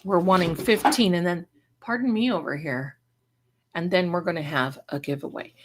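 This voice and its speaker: A woman with a slightly low voice hosts a live stream and reads the chat aloud. She is gushing and affectionate, calling viewers her darlings. Her talk rambles and often breaks off mid-sentence. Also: moderate pace, slight background noise. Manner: effusive, showers viewers with endearments; rambling, self-interrupting. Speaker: livestream host and spiritual reader.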